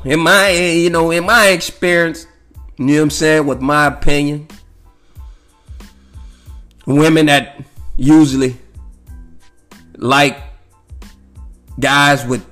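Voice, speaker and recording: A man's voice: sits high, a bit bright. A man telling a rambling, profane story in a casual monologue, laughing often and leaning on fillers.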